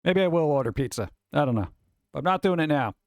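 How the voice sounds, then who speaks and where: A man streaming live from home who talks casually and rambles from one thought to the next. His pitch is a bit high for a man, and it swoops widely as he riffs. The sound is dry and close, with no room echo. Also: expressive, fairly quick. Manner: rambling, offhand, reads list items aloud and riffs on them.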